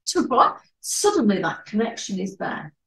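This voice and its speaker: A woman, a networking trainer giving a lively presentation talk and acting out little dialogues. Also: medium pitch, moderate pace. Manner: animated, acts out little dialogues. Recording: echoey room, distant mic.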